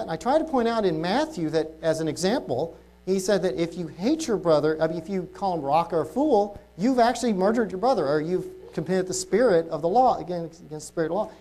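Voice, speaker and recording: A man preaching an informal sermon to a congregation, talking casually and reading Bible verses slowly and deliberately. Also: sits high, expressive, mellow. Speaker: lay preacher.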